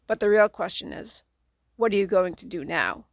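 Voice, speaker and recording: Lady reading a kids book aloud, gravelly voice, dry close sound. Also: medium pitch, lively intonation, normal speed, no echo. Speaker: audiobook reader. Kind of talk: audiobook narration.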